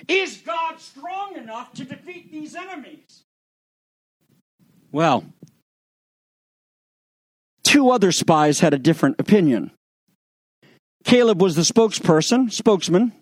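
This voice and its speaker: A middle-aged male pastor preaching a sermon, animated and sarcastic, acting out the lines of the people in the story. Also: high-pitched, dry recording.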